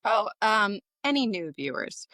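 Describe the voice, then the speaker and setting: Woman podcast co-host, playful and keen, mid pitch, dry close mic. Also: very animated, a little slow, pushed and bright, no echo. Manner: teasing, enthusiastic. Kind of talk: casual book-club chat.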